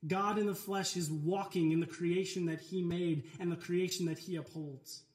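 A man's voice: high voice, fairly even intonation, moderate pace. A man, a pastor, preaching an earnest, emphatic sermon in a church sanctuary. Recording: echoey church room.

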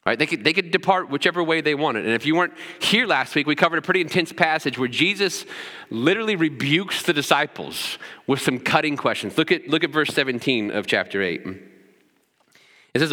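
A man's voice: fairly high pitch, expressive, fairly quick, bright, forceful tone, long reverb tail. A man preaching a sermon as pastor, often checking in with "right?" as he teaches. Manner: preaching with frequent "right?" asides.

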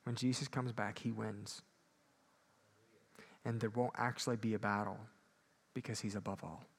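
A man preaching a sermon, moving between loud emphatic peaks and quiet low asides. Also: level tone, moderate pace, breathy edge. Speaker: pastor.

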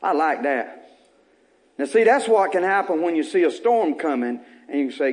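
A man's voice: on the high side, animated, moderate pace. A man. He drives his points home by repeating phrases and climbing into emphatic bursts. The delivery is the full, rhythmic cadence of a pastor speaking to his congregation. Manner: preaching with rising emphatic bursts and repetition. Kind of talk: sermon.

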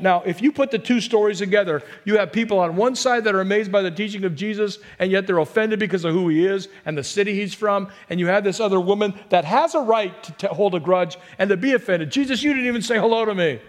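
A high-pitched man preaches with lively, theatrical delivery. He slips into the voices of the people in his stories, and his voice swells from quiet asides to near-shouts. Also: a little fast, few pauses. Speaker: pastor. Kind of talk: sermon.

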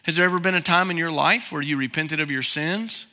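High gravelly pastor preaching. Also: male voice, a little fast, pushed and bright, in a large hall. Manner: conversational, asks the congregation questions. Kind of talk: sermon.

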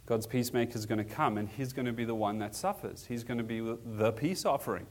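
Male pastor, mid-pitched, conversational sermon delivery, earnest with rhetorical questions. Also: fairly quick, hardly any pauses.

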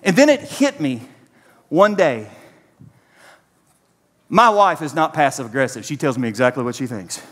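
A man's voice: mid-range voice, big pitch swings, normal speed, pauses often, fairly bright tone, in a large hall. A man, preaching a sermon and speaking directly to his congregation. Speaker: pastor.

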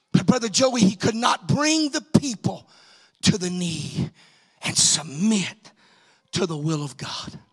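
Gravelly shouting preacher man. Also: very high voice. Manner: swings between shouted, sung-out preaching and quiet asides. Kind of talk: sermon. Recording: reverberant hall sound.

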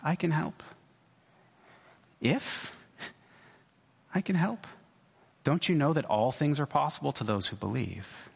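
A man's voice: a little high, very animated, very slow, creaky, few pauses, a bit bright, slightly rough, heavily acted. A man preaching a sermon voices a firm, slightly affronted healer in his own voice. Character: grown man healer, exasperated yet commanding. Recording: long hall reverb.

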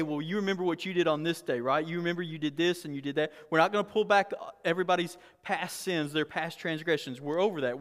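A pastor preaching a candid, conversational sermon with humor and frequent restarts. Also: male voice, sits high, fairly bright tone, in a large hall.

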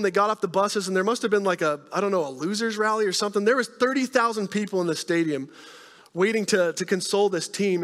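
A man preaching a sermon in a conversational way, often checking in with the congregation with quick questions. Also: high-pitched, a bit bright, big-room sound. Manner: conversational preaching, frequent "right?" tag questions. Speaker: pastor.

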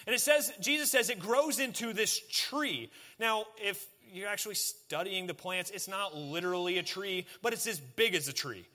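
Male pastor, high and bright, casual and animated in the pulpit. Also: normal speed, hardly any pauses. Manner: conversational and animated, talking directly to the congregation. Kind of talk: sermon.

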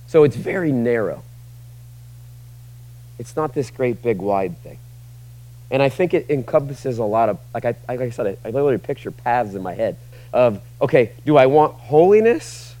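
A male pastor preaching a sermon, swinging between loud emphatic peaks and quiet conversational asides. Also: medium pitch, lively intonation, moderate pace.

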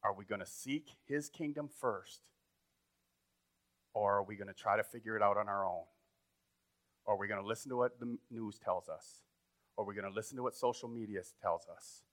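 A pastor preaching a sermon in a conversational way, building up to emphatic points. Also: male voice, fairly low pitch, a little fast, long pauses, fairly bright tone.

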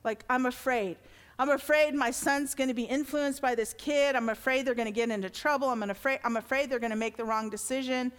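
A woman's voice: high voice, fairly even intonation, a little fast, smooth. A middle-aged woman pastor giving a sermon in an earnest, conversational way, swelling into emphatic lines. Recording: long reverb of a large hall.

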